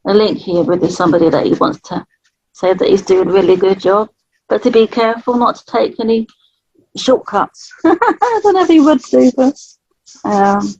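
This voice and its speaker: A woman, working as a spirit artist, talking gently and chattily through a live drawing reading and laughing often. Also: medium pitch, animated, moderate pace, dull audio. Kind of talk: live psychic drawing session.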